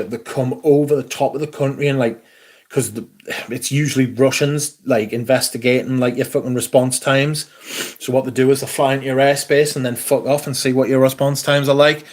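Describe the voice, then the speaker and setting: A man's voice: mid-range voice, a little mellow. A man hosting a livestream, chatting casually in a sweary, rambling way. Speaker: fragrance livestream host.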